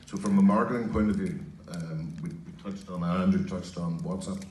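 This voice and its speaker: Low-voiced fifty-year-old man on a panel. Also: fairly even intonation, normal speed, darkish tone, slight background noise. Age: 50s. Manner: hesitant, with many restarts and fillers. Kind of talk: conference panel discussion. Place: large conference hall. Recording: echoey hall from far off.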